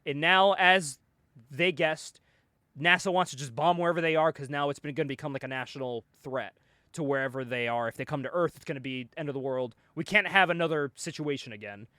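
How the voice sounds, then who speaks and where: A man hosting a podcast, casually retelling a comic book story with animated energy, frequent laughs and swearing. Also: a little high, brisk, dry recording, studio quality. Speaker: podcast host recapping a comic. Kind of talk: casual chat.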